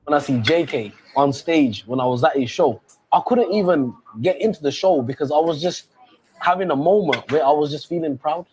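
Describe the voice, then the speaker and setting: A man in a casual interview, speaking in a heartfelt, slightly halting way. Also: fairly high pitch, crowd noise.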